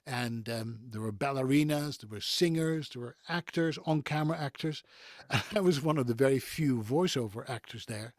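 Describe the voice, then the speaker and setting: A man's voice: mid-range voice, normal speed, dry recording, clean studio sound. A middle-aged man from the Netherlands with a neutral European English accent, chatting as a voice-actor guest over a video call in a chatty, digressive way. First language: Dutch. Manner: chatty and digressive, chuckles between thoughts. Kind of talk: conversational interview.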